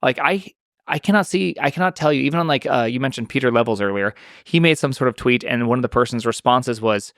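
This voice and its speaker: A man talking as a podcast guest in casual conversation, rambling and animated, with lots of restarts and fillers. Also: mid-range voice, fast talker, no room sound, clean studio sound.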